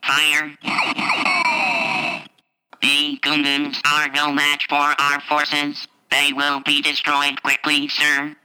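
A rigid battle droid for a toy sound chip. Its voice sits fairly high, bright and crisp. Every order comes out in a flat, clipped, unhurried robotic cadence. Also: male voice, exaggerated voice, low-quality recording. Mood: clipped, military. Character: stiff male battle droid soldier.

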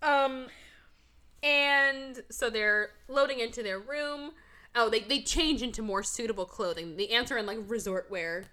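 A woman hosting a podcast, recapping a movie in animated, profane casual chat and tossing in quick mock voices. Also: a little high. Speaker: podcast host.

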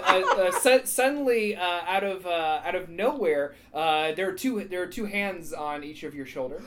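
A man narrating a tabletop game as game master, halting with many fillers and restarts. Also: sits high.

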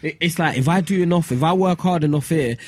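A man's voice: fairly high pitch, fast talker. A man, a podcast co-host ranting in casual group chat. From Nigerian heritage, London. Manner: animated, ranting, emphatic.

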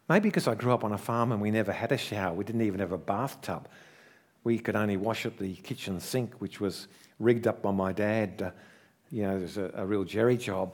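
A middle-aged man, a pastor, preaching a sermon with earnest storytelling that swells in emphasis and then drops into soft, slowed asides. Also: lowish voice. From Australia.

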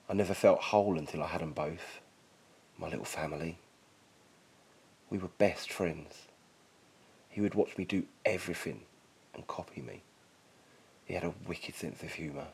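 Male narrator, first-person story: deep, husky, quiet and sombre.

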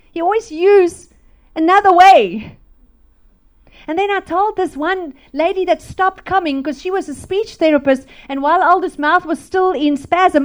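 A woman with a high, light voice delivers a lively testimony from the pulpit. She acts out the people in her story, dropping to a hush and then bursting into laughter. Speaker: speaker at a church. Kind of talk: testimony sermon.

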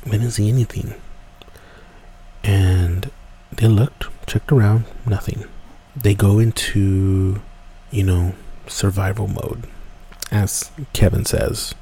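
A man casually telling a spooky woods story, rambling and dropping to hushed whispers at tense moments. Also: fairly low pitch, slight background noise. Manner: relaxed, rambling, drops to hushed whispers for tension. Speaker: podcast storyteller.

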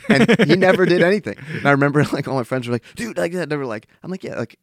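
Young man, quick speech, laid-back storytelling, dry close mic. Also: a little high, animated, no echo. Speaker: podcast co-host. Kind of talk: casual chat.

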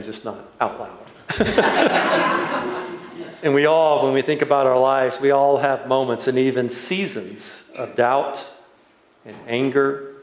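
A male preacher tells a story from the pulpit at a slow, deliberate pace. His mid-pitched voice rings out in an echoey church room. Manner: unhurried storytelling, building to laughter. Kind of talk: sermon with a personal story.

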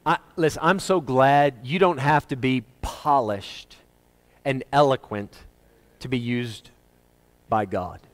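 A man preaching a sermon, emphatic, moving between loud rising questions and quiet low asides, and slowing down to read scripture deliberately. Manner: reads scripture slowly and deliberately.

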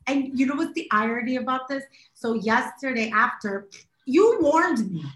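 A woman co-hosting a podcast, a bit under the weather, telling stories in an animated way and laughing often. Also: sits high, normal speed, echoey room. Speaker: podcast co-host. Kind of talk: casual chat.

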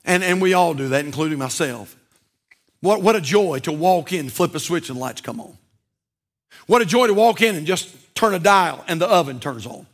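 A man preaching a sermon as pastor at a church service, emphatic and repetitive, often dropping to a low intense voice for emphasis. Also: animated, normal speed.

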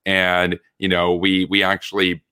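A man arguing his side in a political debate, earnest and halting, often restarting his sentences. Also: deep voice, monotone, bright, forceful tone, clean tone, no echo, studio quality. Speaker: debate guest.

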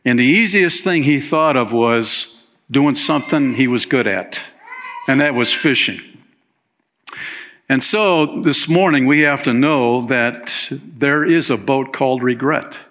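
Bright-voiced man preaching casually. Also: mid-range voice, unhurried, a little hiss or hum. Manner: conversational preaching, peppered with "man", acts out quotes. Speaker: pastor. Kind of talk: sermon. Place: church.

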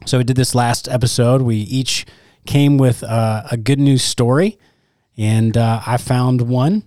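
A man hosting a casual podcast, his voice slightly hoarse from a recent illness, chatty and quick to laugh. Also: mid-range voice, dry recording, studio quality. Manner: laughs often, relaxed and chatty. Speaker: podcast host, church worship director.

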